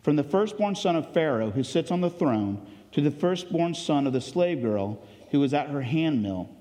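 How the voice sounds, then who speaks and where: A man delivers a sermon in an earnest, conversational way, stopping for ums and restarts as he talks. His voice sits fairly high for a man. It rings with the long reverb of a large church hall. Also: lively intonation, moderate pace, dark tone. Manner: earnest, conversational preaching with fillers. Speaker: pastor.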